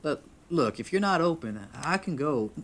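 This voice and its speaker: A man's voice: a little high, sing-song, a little fast, a bit bright, slight background noise, pitched above the performer's own voice. A man voicing a nervous, over-polite possum hero in a visual novel, in a put-on Southern accent. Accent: put-on Southern American.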